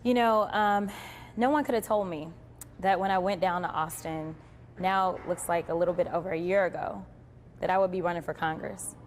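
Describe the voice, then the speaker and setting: A woman answering an interviewer's questions in a measured, composed way. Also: fairly low pitch, slight background noise. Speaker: politician being interviewed.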